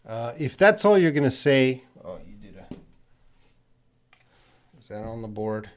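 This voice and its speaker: Very animated and medium-pitched, the Canadian English teacher responds to questions from live-stream viewers. He takes his time explaining and says words again slowly to help learners.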